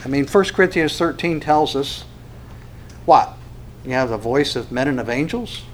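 A man preaching a sermon, animated, acting out quoted dialogue with frequent restarts. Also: mid-range voice, normal speed, slight background noise. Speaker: pastor.

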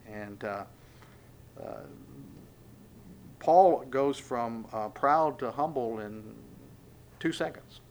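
A man preaching a sermon, pausing often with fillers and acting out short bits of dialogue. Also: medium pitch, a little hiss or hum. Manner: halting, many fillers, acts out dialogue. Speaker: pastor.

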